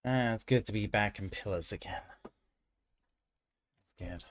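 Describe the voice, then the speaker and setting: A man's voice: lowish voice, unhurried. Laid-back man commenting on gameplay. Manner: relaxed, joking asides while playing. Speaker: gaming channel host.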